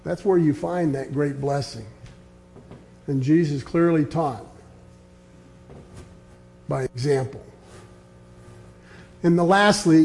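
A man preaching a sermon in an earnest way, with a mellow, warm tone that sits a little high for a man. He reads scripture aloud and lets his voice sink low and soft on his key points. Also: takes it slowly, pauses often.

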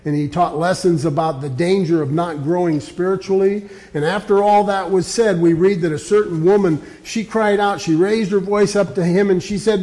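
A man preaching a sermon, reading scripture aloud and dropping low and quiet to press his points. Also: fairly even intonation, normal speed, few pauses. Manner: earnest, quotes scripture, drops low and quiet on key points.

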